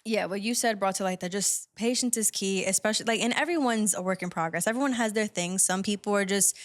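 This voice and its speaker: A woman hosting a casual podcast, chatting in an animated, storytelling way. Her pitch sits in the middle of the range, and "like" fillers crop up all through her talk. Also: fast. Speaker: podcast host.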